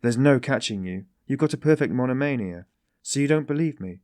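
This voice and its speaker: A man's voice: mid-range voice, lively intonation, a little fast, darkish tone, no room sound, studio quality, pitched above the performer's own voice, close to an everyday voice. A man voicing a sly, genial detective who teases in a mocking, ironic way. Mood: teasing. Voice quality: tittering, mocking.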